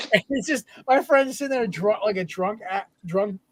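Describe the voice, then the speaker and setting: High-voiced animated storytelling man. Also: measured pace, slight background noise. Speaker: podcast co-host. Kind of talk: casual sports podcast banter.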